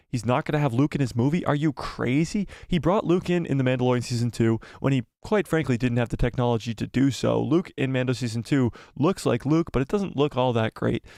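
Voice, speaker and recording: A man hosting a live stream, reading chat messages aloud and answering them excitedly. He repeats phrases for emphasis, and his voice is starting to go. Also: medium pitch, no room sound, clean studio sound. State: losing his voice.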